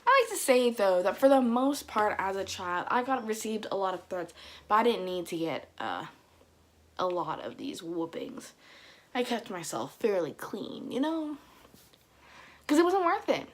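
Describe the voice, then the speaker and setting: A young woman with a Dominican family background, telling comic stories to camera in a casual vlog, mimicking her mother's scolding and getting loud at the punchlines. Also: medium pitch, sing-song, measured pace. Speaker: vlogger. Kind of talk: casual comedic storytelling to camera.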